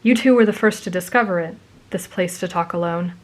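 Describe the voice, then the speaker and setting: A woman narrating a romantic story gently for an ASMR audience. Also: lowish voice, fairly quick.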